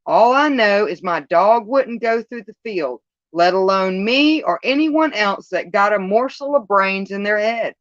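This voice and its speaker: A woman's voice: mid-range voice, lively intonation, a little slow, dry recording, lo-fi sound, pitched above the performer's own voice, natural voice. A woman voicing a grave old male shepherd with rustic country speech and solemn warnings, in a storybook reading.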